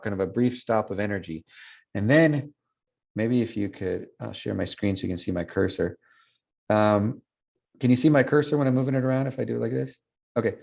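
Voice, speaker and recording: Over a video call, a man teaches an online Spanish class, patiently explaining things and switching between English and Spanish. His mid-range voice has a darkish tone, and the call audio sounds dull and lo-fi.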